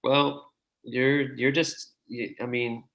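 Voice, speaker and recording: A man's voice: medium pitch, little pitch movement, takes it slowly, vocal fry, a bit bright, highs cut off. A man hosting the show, enthusiastically praising and joking with his guest. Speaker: host. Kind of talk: casual commentary.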